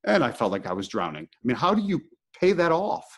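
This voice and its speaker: Middle-aged male host, casual storyteller, animated, mid-pitched voice. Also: fairly quick. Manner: animated, acts out his own inner thoughts. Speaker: podcast host.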